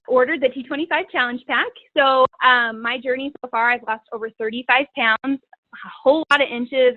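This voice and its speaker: Woman, guest speaker, chatty personal story, filler words, higher voice, thin phone-line sound. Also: dry recording. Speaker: guest speaker, fitness coach. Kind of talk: personal testimony talk.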